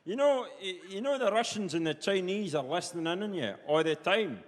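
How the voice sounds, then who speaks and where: A man's voice: high-pitched, expressive, fairly quick, voice pushed up. A Scottish man playing a blunt old farm handyman from rural Perthshire with a broad Perthshire accent, talking in thick dialect. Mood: suspicious. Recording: live stage with long hall reverb.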